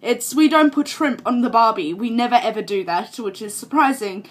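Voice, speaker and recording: A woman's voice: fairly high pitch, expressive, normal speed. A young woman from Australia with an Australian accent, chatting casually to camera in a rambling, self-amused way. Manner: chatty and rambling, laughs at herself. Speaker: vlogger.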